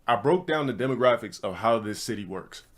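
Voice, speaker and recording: A man's voice: medium pitch, animated, fairly quick. A man streaming, telling a rambling story to his chat in blunt, profane casual talk. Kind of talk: casual ranting monologue to a live chat.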